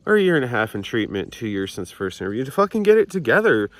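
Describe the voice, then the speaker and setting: Out on a hillside with a handheld camera, a young vlogger delivers a rambling, profane confessional, full of self-mockery and restarts. His voice is medium in pitch with big swings, he talks fast, and there's no echo.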